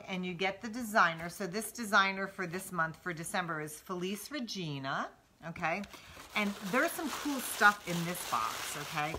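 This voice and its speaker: Bright-voiced, chatty middle-aged woman. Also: lowish voice, slight background noise. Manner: chatty and enthusiastic, addressing viewers directly. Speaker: quilter and channel host. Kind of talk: live-stream craft chat. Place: home sewing room in Arizona.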